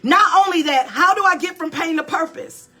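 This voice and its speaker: High, bright-voiced woman preaching emphatically. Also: moderate pace. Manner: emphatic and repetitive, calling out to listeners. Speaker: pastor. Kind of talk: preaching-style motivational talk.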